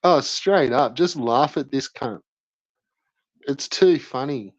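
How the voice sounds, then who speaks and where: Slow-talking, foul-mouthed young man. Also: mid-range voice, no room sound. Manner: profane, mocking banter with frequent laughs. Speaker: streamer. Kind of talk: live stream commentary. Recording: dry, slightly dull lo-fi mic.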